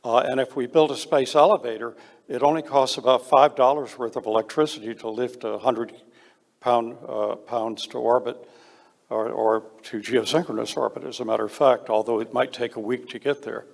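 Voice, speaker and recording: A man's voice: medium pitch, steady tone, moderate pace, gravelly, in a large hall. A man speaking on a panel, blunt and emphatic, with frequent hesitations. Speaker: panel speaker on space law. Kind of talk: panel discussion.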